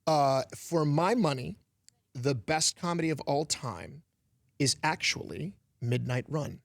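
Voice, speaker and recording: A lively man in his forties talking as an interview guest, his voice sitting a bit high and full of quick laughs and restarts. The studio sound is dry and close. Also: creaky, no echo. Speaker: actor and comedian, guest. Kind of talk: casual interview chat.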